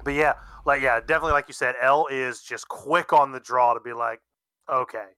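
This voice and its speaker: A man casually chatting on a podcast, excitable, swearing freely and using laid-back slang, sipping beer as he talks. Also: medium pitch, brisk, no echo. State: drinking beer while talking. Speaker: podcast co-host. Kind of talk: casual chat recapping an anime.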